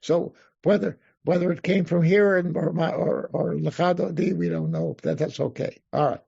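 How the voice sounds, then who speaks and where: A man, a rabbi, teaching an interactive Psalms class, reading Hebrew verses slowly and then explaining them while thinking aloud. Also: on the high side, steady tone, gravelly, warm tone, breathy edge. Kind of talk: interactive text study class. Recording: dull lo-fi class recording.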